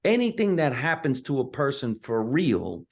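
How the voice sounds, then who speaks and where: A man with a heavy New Jersey accent talks at a middle pitch. He tells stories with punch and energy and drops easily into little character voices. His style is relaxed, casual interview talk. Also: normal speed. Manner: animated, punchy storytelling, slips into character voices. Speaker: stand-up comedian, guest.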